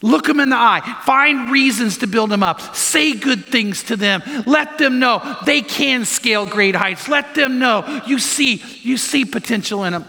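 Speaking a little slowly with vocal fry and hardly any pauses, this pastor's high, bright voice carries his sermon to the congregation. He relies on stories and earnest, repeated commands, and every phrase echoes with long hall reverb.

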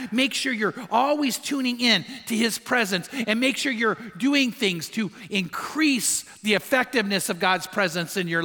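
Male pastor, middle-aged, storytelling sermon style with emphatic repeats, bright tone. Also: very high voice. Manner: storytelling preacher, emphatic repetition. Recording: long hall reverb.

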